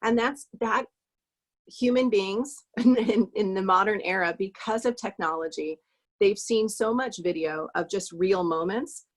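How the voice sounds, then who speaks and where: Woman guest, affirming, encouraging, casual conversation. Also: mid-range voice. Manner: warm, affirming, quick to praise.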